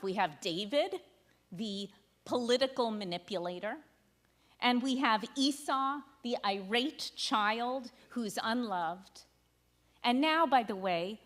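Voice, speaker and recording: A woman's voice: fairly high pitch, fairly bright tone. A woman rabbi teaching a sermon text study, speaking conversationally with wry asides to the congregation and dramatizing quoted lines. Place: synagogue sanctuary.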